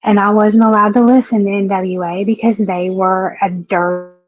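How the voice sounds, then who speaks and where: A woman's voice: mid-range voice, little pitch movement, normal speed, no room sound, narrow, tinny audio. A woman from Southeastern Kentucky with a Southern accent, hosting her own live-stream talk show, chatty and frank as she greets viewers by name. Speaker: livestream talk show host. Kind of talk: casual live-stream chat.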